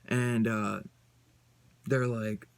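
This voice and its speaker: A man's voice: medium pitch, level tone, extremely slow, creaky, smooth, dry recording. A man giving a casual comic book review on his channel, rambling and loose, with lots of fillers and some swearing.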